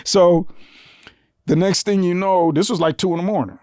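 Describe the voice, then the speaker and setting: A man's voice: sits high, moderate pace, dry recording, clean studio sound. A man, a comedian guest telling profane street stories and acting out the voices in them. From Detroit. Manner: animated, profane, acts out the voices in his stories. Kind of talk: storytelling on a podcast.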